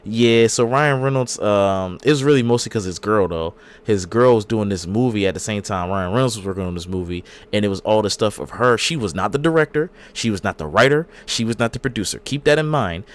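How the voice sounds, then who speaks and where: Fast-talking low-voiced man. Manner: rambling storyteller, acts out quotes. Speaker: podcast co-host. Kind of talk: casual chat.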